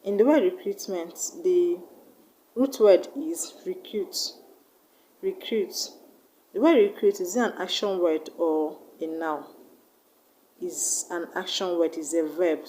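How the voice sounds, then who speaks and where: A woman teaching an online English lesson, repeating key points slowly and deliberately. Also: lowish voice, dark tone, slight background noise, rough recording.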